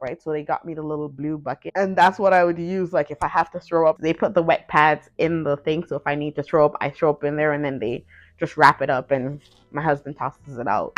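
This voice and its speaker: A woman's voice: deep voice, no room sound. A woman vlogger telling a personal story in a casual, chatty way, full of fillers and acted-out quotes. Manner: chatty, filler-heavy, acts out quoted lines. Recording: dull lo-fi sound.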